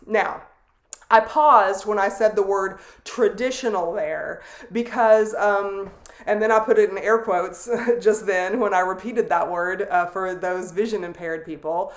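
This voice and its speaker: Woman lecturing in an echoey room. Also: mid-range voice. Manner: explanatory, deliberate, with asides and fillers. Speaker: sociology lecturer. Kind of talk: recorded classroom lecture. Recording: roomy echo.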